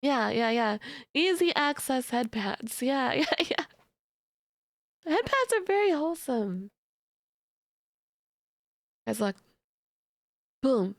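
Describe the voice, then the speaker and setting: A woman's voice: sits high, very animated, slow pace, pauses often, no echo, studio quality. A young adult woman streamer chatting casually with her audience, giggly and playfully teasing. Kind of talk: casual live-stream chat.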